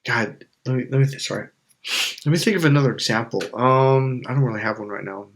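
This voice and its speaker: A man giving a motivational coaching talk straight to camera, blunt and unfiltered, with plenty of swearing. He presses his points by repeating himself and slips into quick voices of the people in his stories. His voice sits at an ordinary middle pitch. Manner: blunt, emphatic and profane, with repeated insistent phrasing. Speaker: life coach and channel host.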